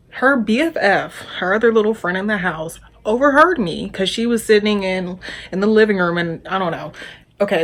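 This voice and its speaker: Profane young woman telling a storytime. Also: lowish voice. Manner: candid, profane, talks straight to viewers. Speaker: vlogger. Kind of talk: storytime vlog.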